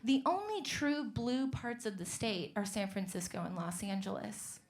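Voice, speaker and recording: A woman's voice: a little high, big pitch swings, moderate pace. A young woman from Northern California doing a stand-up set, sarcastic and teasing the audience. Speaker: stand-up comedian. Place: comedy club stage.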